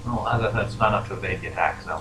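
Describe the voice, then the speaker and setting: A young man in casual chat, narrating as game master for a tabletop role-playing game, relaxed and quick to laugh. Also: fairly low pitch. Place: room at a table with other players. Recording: echoey room with clear background noise.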